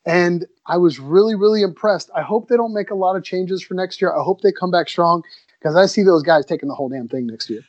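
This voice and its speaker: An enthusiastic, laid-back man chatting casually as a podcast co-host, his voice sitting a little high. The sound is dry and somewhat dull and muffled. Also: a little fast, no echo. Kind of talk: casual chat.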